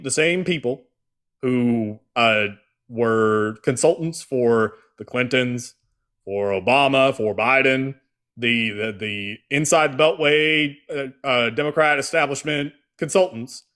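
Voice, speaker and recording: A man's voice: medium pitch, fairly bright tone. A man hosting a live political stream, talking casually and bluntly, swearing freely as he lays out his points. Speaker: host.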